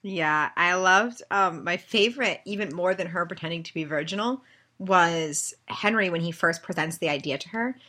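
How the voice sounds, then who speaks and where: A woman co-hosting a podcast in casual chat, animated and giggly, acting out lines from a TV show. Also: fairly low pitch, moderate pace. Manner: animated, giggly, acts out quotes. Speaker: podcast co-host.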